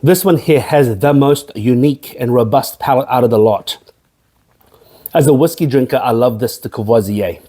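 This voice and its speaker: A man's voice: mid-range voice, normal speed, mellow. A man hosting a casual spirits tasting review, chatty and rambling, with jokey asides. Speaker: host of a spirits review channel.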